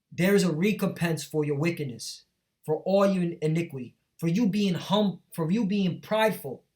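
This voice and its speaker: Man, slightly high voice, emphatic Bible preaching, reads verses aloud, keeps saying "all right?". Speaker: street preacher. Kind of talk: Bible teaching with scripture reading.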